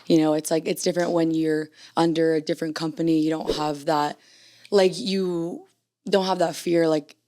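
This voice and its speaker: A woman's voice: low-pitched, flat delivery, moderate pace, warm tone. A young adult woman as a guest on a podcast, talking in a bubbly, casual way with many fillers. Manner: bubbly, uses lots of fillers like "like". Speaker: guest, coffee business founder. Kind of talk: casual interview chat.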